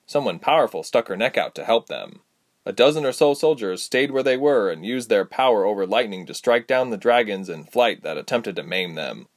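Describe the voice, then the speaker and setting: A man narrating a fantasy audiobook in an expressive storytelling manner. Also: fairly low pitch.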